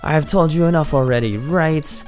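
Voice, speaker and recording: A man voicing a sly male villain robot from a video game, reading its lines in a calm, cocky, matter-of-fact way. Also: on the high side, moderate pace, faint music behind, pitched above the performer's own voice, natural voice. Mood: smug. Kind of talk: reading game dialogue aloud.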